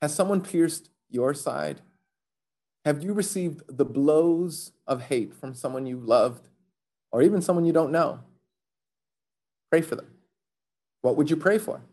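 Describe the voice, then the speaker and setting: A man's voice: a little high, a little mellow, breathy edge. A man preaching a sermon in a conversational, joking way, with fillers and restarts. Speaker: pastor.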